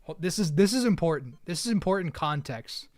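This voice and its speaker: A man's voice: on the high side, animated, a little fast. Joking man chatting on a live stream. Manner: rambling, joking, often laughing at himself. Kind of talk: casual live stream chat.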